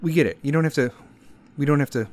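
A man's voice: fairly high pitch, fast, a little mellow. A man hosting his own podcast, talking straight into the microphone in a casual, profane, rambling and sarcastic rant. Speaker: podcast host. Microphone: podcast microphone, pop filter.

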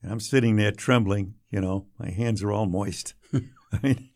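A man's voice: lowish voice, unhurried. Older man telling radio stories. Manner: warm anecdotal storytelling, drops quietly for quoted lines. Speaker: radio broadcaster guest. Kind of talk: storytelling interview.

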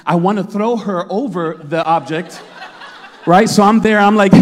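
A man in his thirties preaching a sermon, telling a story with lots of laughter and acted-out shouts. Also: sits high, moderate pace, big-room sound. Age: 30s. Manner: animated storytelling, laughing often, acting out his own shouts. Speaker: pastor.

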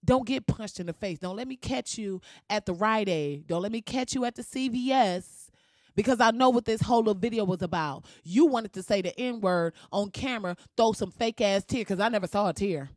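A woman ranting in a blunt, profane and sassy way as she comments on someone else's video, with sudden jumps in pitch. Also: moderate pace, no room sound, clean studio sound. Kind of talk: casual reaction rant.

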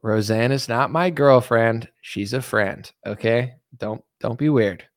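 Male livestream host, sarcastic and joking, mid-pitch, dry close sound. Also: measured pace, no room sound. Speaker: livestream host reading chat. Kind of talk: casual livestream chat.

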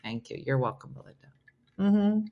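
A woman's voice: medium pitch, sing-song, normal speed, phone-quality sound. A woman hosting a casual morning livestream, chatting playfully with viewers and her dog. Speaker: livestream host. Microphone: phone.

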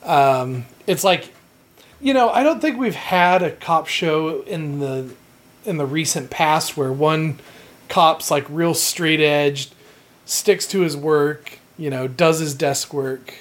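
Halting, laughing idea-pitcher in chat. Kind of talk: casual comedy brainstorm chat.

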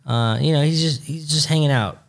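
A man's voice: on the high side, fairly quick, vocal fry. A young adult man co-hosting a podcast, chatting casually with a teasing, profane humor. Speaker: podcast co-host. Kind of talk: casual chat.

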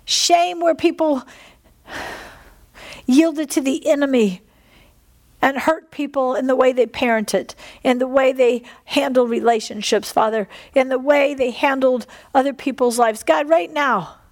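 A woman with a high voice, fairly even intonation, and a slightly slow pace preaches and prays fervently to a congregation at a church service. She repeats phrases and exhales between lines in this sermon with prayer.

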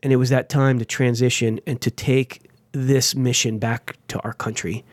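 A man, a veteran guest on an interview show, telling his story with energy and sudden jumps in pitch. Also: level tone, moderate pace, no echo. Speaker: guest, veteran and nonprofit founder.

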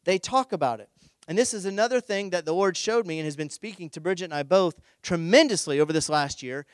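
A middle-aged man, a pastor, preaching a conversational sermon and telling a personal story in an animated, humorous way. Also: high voice, fast talker, clean tone, no echo.

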